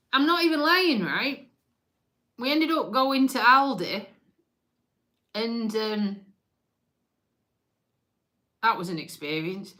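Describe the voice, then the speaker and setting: A woman chats loosely to her live-stream viewers, joking and swearing as she goes. Her voice sits fairly high and comes across bright and forceful, and she talks at a slow, unhurried pace. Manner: chatty, joking, swears casually. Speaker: livestream host. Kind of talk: casual live-stream chat.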